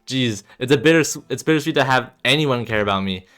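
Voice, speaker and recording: A man gives voice to a troubled young man who keeps his pain to himself. He speaks low and subdued, with a bright, crisp tone. Faint music sits beneath the reading. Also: animated, a little fast, close to an everyday voice.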